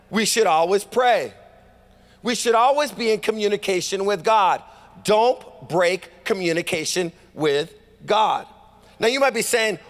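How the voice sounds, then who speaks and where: A man preaching a sermon as pastor, animatedly acting out conversations and calling out to his congregation, with a Californian accent. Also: sits high. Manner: animated, acts out dialogue, rhetorical calls to congregation. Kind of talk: sermon storytelling. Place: church sanctuary. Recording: long hall reverb.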